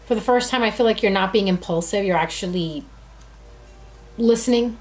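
A woman's voice: mid-range voice, moderate pace, darkish tone, faint music behind. A woman giving a casual, chatty tarot reading who talks to her cards and addresses her viewers directly. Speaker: tarot reader.

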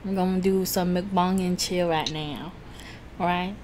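Woman mukbang host, low voice, unhurried chat, faint hiss. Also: steady tone. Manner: chatty, laughs often, self-conscious about talking fast. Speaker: food vlogger host.

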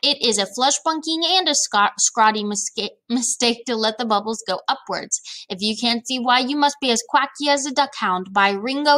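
A huge, friendly giant who bellows his words and bends his grammar, as a woman reads him out, from a children's storybook. The voice sits a little high and stays loud and proud. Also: natural voice. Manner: loud exclamations, broken grammar. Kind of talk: storybook read-aloud.

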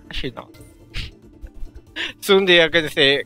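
A man giving live gameplay commentary, swinging between excited shouts and giggling, muttered asides. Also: a little high, measured pace, clean tone, faint music behind. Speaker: gamer.

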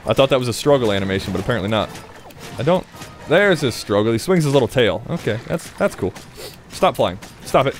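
A man talks his way through a game session in a loose, chatty commentary, swearing freely and scolding the monster he fights. His voice sits mid-range but swings widely in pitch. Faint game music plays underneath. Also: big pitch swings, a little fast. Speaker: let's play gamer. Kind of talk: casual gameplay commentary.

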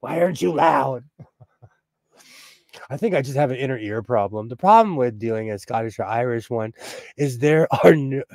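American man, casual co-host; lively, swooping delivery, dry sound. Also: medium pitch, measured pace, pauses often, no room sound. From United States. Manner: animated, joking, laughs a lot. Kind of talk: casual chat.

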